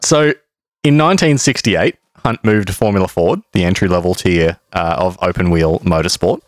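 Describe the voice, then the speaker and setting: A man's voice: low voice, fairly quick, dry recording, clean studio sound. A young man telling a history story to his co-host in casual, playful chat, laughing easily. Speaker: podcast co-host.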